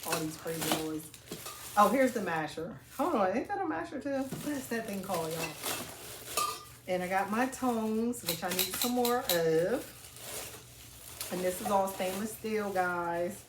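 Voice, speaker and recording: A woman vlogging from home as she unboxes gifts, chatty and excitable, calling her viewers y'all. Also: medium pitch, measured pace, roomy sound, noisy background. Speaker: family vlogger. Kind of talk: casual unboxing vlog. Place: home, indoors.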